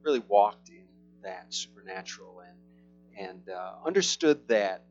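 A middle-aged male pastor tells a sermon story in a loose, rambling way, stopping and restarting often. The recording sounds a little dull. A guitar plays softly behind him. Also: lowish voice, expressive. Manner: rambling, halting, many restarts. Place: church service. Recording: slightly muffled with soft guitar.

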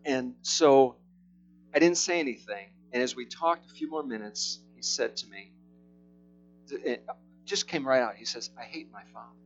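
A middle-aged man, a pastor, tells a story in a church sermon, rambling and halting with many restarts. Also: medium pitch. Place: church service. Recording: slightly muffled with soft guitar.

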